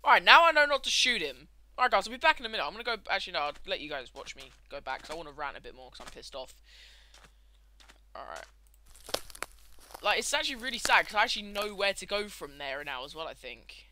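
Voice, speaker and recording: Ranting excitable young man. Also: high-pitched, quick pace. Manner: swears a lot, ranting, excitable outbursts. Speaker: gameplay commentator. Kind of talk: casual gameplay commentary.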